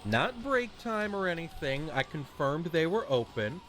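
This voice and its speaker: A man's voice: a little high, big pitch swings, measured pace, fairly bright tone, soft background music. A man streaming a video game, chatting casually and ranting with a rambling, swearing delivery. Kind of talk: casual chat while streaming.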